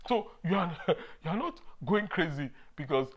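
A lively male preacher weaves childhood stories into his sermon. His voice swings widely in pitch, and he breaks into chuckles and sudden shouts of emphasis as he speaks. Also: normal speed, dull audio. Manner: animated, laughs often, shouts for emphasis. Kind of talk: sermon with personal storytelling.

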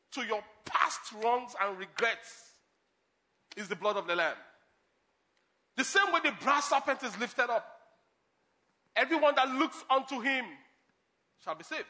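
A man preaching a sermon, animated, moving between loud emphasis and quiet asides and laughing at his own stories. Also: extremely high pitch. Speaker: pastor.

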